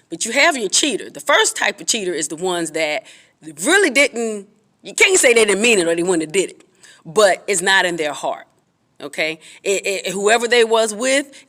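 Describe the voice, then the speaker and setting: Woman, earnest preachy advice vlogger, emphatic pitch jumps. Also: fairly bright tone. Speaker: vlogger giving relationship advice. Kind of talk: casual advice talk to camera.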